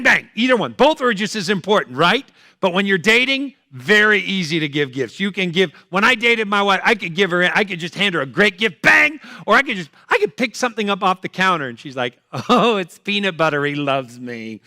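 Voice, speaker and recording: A middle-aged man doing loud, teasing stand-up and crowd work on stage at a fundraiser. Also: high-pitched, no echo, studio quality. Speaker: comedian performing at a fundraiser. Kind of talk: stand-up comedy with audience banter. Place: event hall, live on stage.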